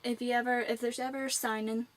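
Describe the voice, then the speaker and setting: A woman's voice: fairly high pitch, level tone, fast, a little hiss or hum. A young woman in her late teens with a Northern Irish accent, chatting to camera in a rambling vlog. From Northern Ireland. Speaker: vlogger. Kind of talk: casual chat to camera.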